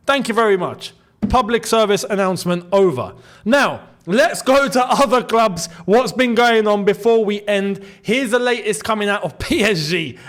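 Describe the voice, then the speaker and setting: A man hosting a casual football commentary video, talking straight to the camera and to the players he mentions. His voice sits high and swings widely, teasing and emphatic. He mixes jokes with blunt advice. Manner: animated, jokey, talks straight to viewers and players. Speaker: football channel host.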